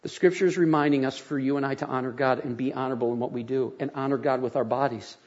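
An older man preaching a sermon as a pastor, folksy and conversational, with animated storytelling. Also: medium pitch, fast, lo-fi sound.

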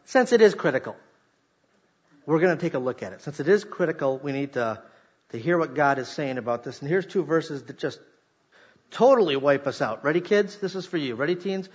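A man with a somewhat high, husky voice delivers an animated sermon and jokes with his congregation. The recording sounds a bit muffled and dull. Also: brisk. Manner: animated, jokey preaching to a congregation. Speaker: pastor.

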